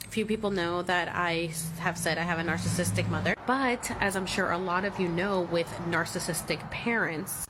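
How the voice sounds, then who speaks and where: A woman's voice: fairly low pitch, background noise. A woman in her thirties telling her own story in a candid vlog, emotional and blunt, swearing freely. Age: 30s. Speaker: vlogger.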